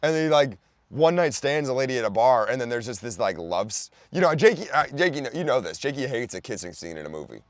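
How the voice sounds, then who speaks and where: A young man with a Philadelphia accent rambles through a comedic rant. His voice jumps around a lot in pitch and restarts often. The recording is dry and close, with no room sound. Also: big pitch swings, fast talker, no room sound. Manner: loose, rambling, lots of fillers and restarts, sudden loud outbursts. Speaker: podcast host.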